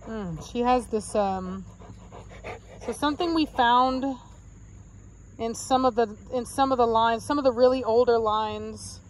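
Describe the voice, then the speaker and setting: A woman with a drawl talks casually to her viewers, pitched a little high. She rambles and corrects herself as she goes. Dogs can be heard around her. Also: unhurried, a little hiss or hum. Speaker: dog breeder and channel host. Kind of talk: casual vlog talk to viewers.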